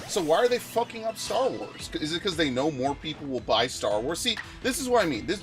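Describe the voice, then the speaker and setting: A man's voice: a little high, fairly bright tone. Exasperated, profane gaming streamer man. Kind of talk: ranting commentary during a game stream.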